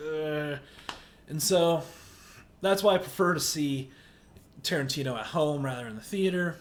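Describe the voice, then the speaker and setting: A man ranting indignantly in a movie review video, exaggerated, and shouting at times. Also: a little high.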